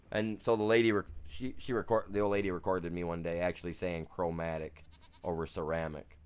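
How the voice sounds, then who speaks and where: Low voiced dude rambling slangy chat while he plays a game, super chill. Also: level tone, brisk, smooth. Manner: laid-back, rambling, slangy. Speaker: gaming streamer. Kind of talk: casual chat while gaming.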